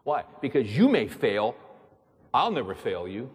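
Husky pastor preaching in a reverberant hall. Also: male voice, medium pitch, sing-song, a little slow. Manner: emphatic, repeats words, fires rhetorical questions. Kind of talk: sermon. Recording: long reverb of a large hall.

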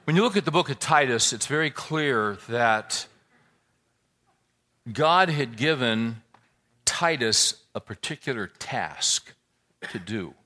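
A man's voice: mid-range voice, lively intonation, takes it slowly, long pauses, pushed and bright. A man preaching a sermon, praying and telling a folksy joke in an earnest way. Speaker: pastor.

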